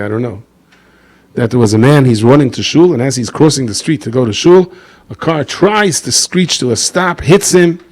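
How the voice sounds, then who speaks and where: A man's voice: medium pitch, darkish tone. A man giving a rabbi's talk, telling stories, acting out the voices of the people in them and putting asides to his listeners. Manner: storytelling, acts out quoted voices, asides to listeners. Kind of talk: sermon with anecdotes.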